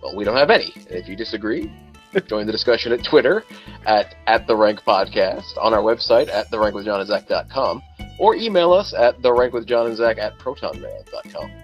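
Man, thirties, podcast co-host, dry teasing, animated pitch, muffled sound. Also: brisk, faint music behind. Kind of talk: casual podcast chat.

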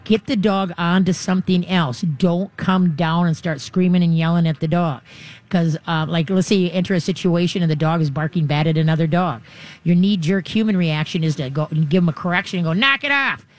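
Dog trainer, casual advice, rambling and quick, mid pitch, jumps into high voices to act out owners and dogs. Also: fairly even intonation, darkish tone.

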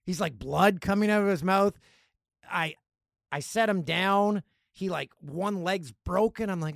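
A man hosting a podcast, telling stories in a casual, animated way and acting out other people's lines. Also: high voice, a little slow, creaky, dry recording, clean studio sound. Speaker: podcast host. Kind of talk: casual storytelling.

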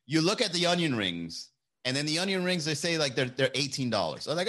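A man's voice: on the high side, very animated, fast, a bit bright. A man hosting a casual live stream, rambling, joking and swearing, and laughing often between lines.

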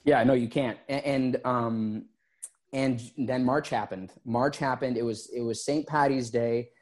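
A man's voice: mid-range voice, unhurried. A man who is an interview guest and former gym owner, telling his story casually and acting out past conversations. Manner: relaxed, recounts conversations in quotes.

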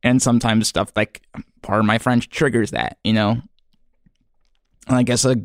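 A man hosting a podcast in a rambling comedic monologue, halting and earnest, full of fillers and restarts, sounding self-doubting. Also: lowish voice, creaky, no echo, clean studio sound. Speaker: podcast host.

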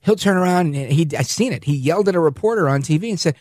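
A man's voice: a little high, expressive, fast, darkish tone, dry recording, clean studio sound. A middle-aged man hosting a political talk radio show, speaking emphatically and telling stories, acting out quotes as he goes. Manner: emphatic, storytelling, acts out quotes. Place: radio studio.

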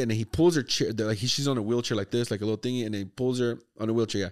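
Male podcast host, mid-pitched, excitable and profane, rambling storyteller. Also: rapid-fire, few pauses. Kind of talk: casual movie review chat.

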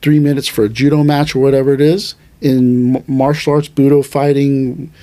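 A martial arts teacher in casual podcast conversation, a man with a medium-pitched voice. He explains things animatedly and thinks out loud, restarting sentences and tossing in quick asides. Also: little pitch movement.

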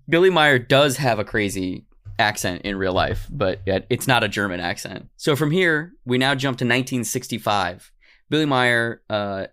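A man's voice: mid-range voice, fairly bright tone. Casual joking male podcast host. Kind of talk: comedic storytelling chat.

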